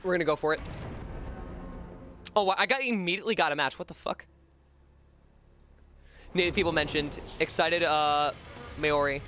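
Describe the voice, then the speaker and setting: A man's voice: on the high side, normal speed, pauses often, bright, forceful tone, faint music behind. A male streamer chatting casually on a live gaming stream, swearing freely and repeating words over and over to test how to say them.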